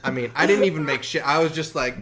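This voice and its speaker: Bright-voiced man telling a story. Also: a little high, fast, a little hiss or hum. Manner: animated, swears a lot, acts out quotes. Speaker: podcast guest. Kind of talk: casual storytelling.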